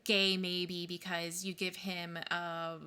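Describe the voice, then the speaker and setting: A woman co-hosting a podcast, chatting casually and animatedly about a book and its film, with quick asides. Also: lowish voice, little pitch movement, pushed and bright, smooth. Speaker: podcast co-host.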